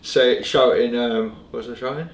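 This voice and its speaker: A man's voice: mid-range voice, moderate pace. A man, a DJ chatting casually to camera on tour and telling stories with lots of laughs. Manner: animated storyteller, laughs often. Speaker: DJ vlogging his tour. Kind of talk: casual vlog chat. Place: city streets, hotel and venues on tour. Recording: roomy, noisy on-location sound.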